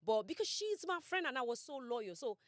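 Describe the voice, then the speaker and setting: Animated young woman telling a story. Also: fairly quick, dry recording, studio quality. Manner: animated, emphatic, quotes herself and others with dramatic pitch swings. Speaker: podcast co-host. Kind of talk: casual storytelling chat.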